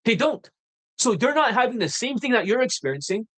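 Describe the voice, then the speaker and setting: A man's voice: very high-pitched, a little fast, rough recording. A man hosting a dating-coach livestream, talking off the cuff in a blunt, profane, combative way that keeps flaring into heated outbursts. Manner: excitable, rising into heated outbursts. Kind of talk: unscripted livestream rant.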